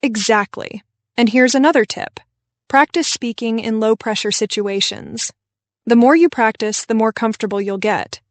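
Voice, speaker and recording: A woman with a fairly high voice co-hosts a scripted podcast for English learners. She explains tips in a clear, encouraging tone. The sound is dry and close to the mic. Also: moderate pace, dry recording. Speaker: podcast co-host.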